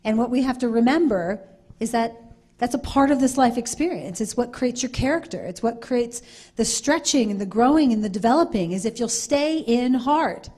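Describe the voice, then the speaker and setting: A woman's voice: on the high side, lively intonation, normal speed, darkish tone, husky. A woman speaking on a conference panel, earnest and repetitive, acting out little quoted exchanges as she explains.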